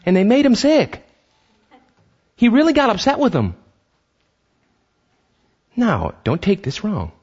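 A man preaching a sermon as pastor, animated, acting out voices and often restarting his sentences. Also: high-pitched, slow, pauses often, husky, dull audio.

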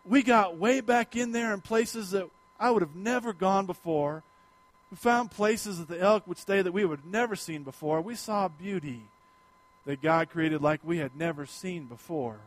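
A middle-aged man preaching a sermon in a folksy storytelling way, swinging between loud emphasis and quiet asides. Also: sits high. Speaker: pastor.

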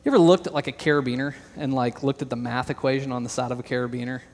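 A young male pastor delivers an earnest, emphatic sermon, stressing single words and sometimes breaking into light joking asides. His voice sits at an ordinary middle pitch. It carries a long reverb from a large church hall. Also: fairly even intonation, racing.

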